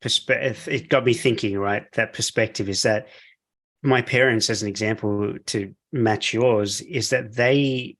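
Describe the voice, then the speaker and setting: A man's voice: lowish voice, fairly even intonation, unhurried, a bit bright. A middle-aged man hosting a podcast, enthusiastic and encouraging in casual chat. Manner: enthusiastic, encouraging, laughs easily. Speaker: podcast host.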